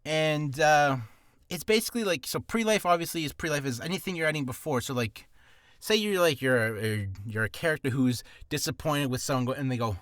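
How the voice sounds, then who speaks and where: A man's voice: on the high side, brisk, a bit bright. A man teaching voice acting in a casual tutorial, rambling with asides and poking fun at himself. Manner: rambling and self-deprecating, full of asides.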